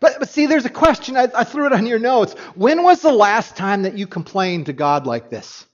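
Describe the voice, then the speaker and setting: A man preaching an animated sermon as a pastor, often restarting his sentences as he explains a passage to his congregation. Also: sits high, moderate pace, muffled recording.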